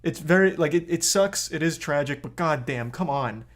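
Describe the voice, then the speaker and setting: A man's voice: a little high, normal speed. A man streaming live, reacting to a video with blunt, profane commentary that gets heated.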